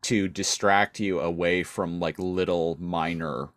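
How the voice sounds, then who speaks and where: Low-voiced man recapping a cartoon episode. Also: fairly even intonation, takes it slowly, fairly bright tone, no room sound, clean studio sound. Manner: rambling, many fillers and restarts. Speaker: podcast co-host. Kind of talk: casual chat, recapping an episode.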